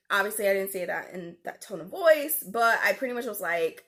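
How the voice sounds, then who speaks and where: Bright-voiced young woman ranting. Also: fairly high pitch, fairly quick, few pauses. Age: young adult. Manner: animated, indignant storytelling with lots of fillers. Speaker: vlogger; call center agent recounting a customer call. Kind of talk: storytelling vlog.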